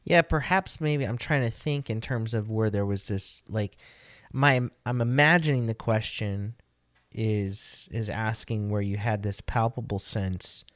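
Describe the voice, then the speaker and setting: A man's voice: fairly low pitch, measured pace, a bit bright. A man co-hosting a casual faith podcast, wry and fond of explaining with wordplay. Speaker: podcast co-host. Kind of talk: casual chat.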